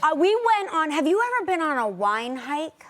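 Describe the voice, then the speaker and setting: A middle-aged woman with a high voice that leaps up and down as she tells a story. She chats casually as a talk show co-host and acts out every quote. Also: big pitch swings, normal speed, a bit bright. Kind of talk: casual chat.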